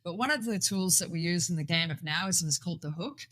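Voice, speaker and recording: A woman guest in casual chat, playful and animated, slipping into sing-song catchphrases. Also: lowish voice, fast. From Swaziland.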